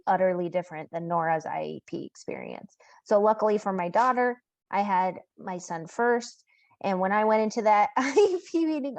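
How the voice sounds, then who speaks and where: A woman's voice: mid-range voice, darkish tone, no room sound. An earnest woman speaks on a podcast as a parent, and the emotion shows in her voice. The recording is close and dry. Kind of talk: casual podcast chat.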